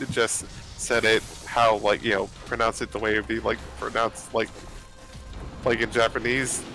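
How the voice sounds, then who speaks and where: Man, bright tense voice, casual gaming chat, rambling, many fillers, headset voice chat. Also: mid-range voice. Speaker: gamer chatting with friends.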